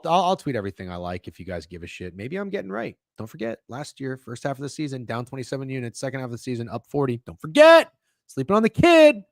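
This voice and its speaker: A young man hosting a sports betting livestream, talking casually and excitably, swearing often and restarting his sentences. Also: medium pitch, vocal fry, dry recording, clean studio sound. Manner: excitable, profane, rambling with frequent restarts. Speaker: sports betting show host.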